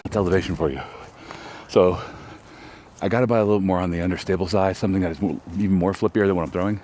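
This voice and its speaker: A man's voice: sits low, steady tone, quick pace, darkish tone, a little hiss or hum. A man hosting a casual vlog outdoors, chatty and self-deprecating as he rambles about his throws. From Texas, US. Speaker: host. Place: outdoors on a disc golf course.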